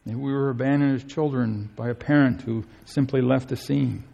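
A man preaching a sermon in an earnest, pleading way, swinging between soaring emphasis and hushed tenderness. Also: medium pitch, fairly even intonation, normal speed, vocal fry, highs cut off.

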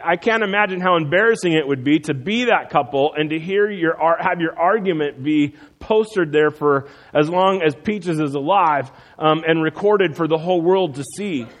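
A man's voice: sits high, fairly bright tone, in a large hall, low-quality recording. A man preaching a sermon as pastor, talking conversationally with fillers and restarts.

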